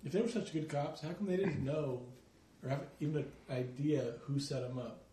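A man's voice: on the high side, moderate pace, warm tone. A man on a podcast who questions and pushes back in a casual movie discussion. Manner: skeptical, questioning. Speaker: podcast co-host. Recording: roomy podcast room with faint hiss.

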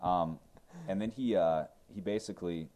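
Deep-voiced man rambling through a movie recap. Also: moderate pace, heavy background noise. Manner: rambling, joking, mocking. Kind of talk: casual movie recap chat.

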